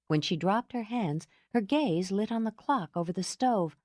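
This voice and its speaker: Expressive woman audiobook narrator. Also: medium pitch, moderate pace, dry recording, clean studio sound. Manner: expressive storytelling. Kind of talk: scripted narration.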